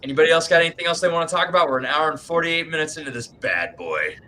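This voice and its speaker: A man's voice: on the high side, animated, rapid-fire. A man giving writing advice in a casual group video chat, emphatic and folksy, often tagging lines with "man", speaking from his home writing room.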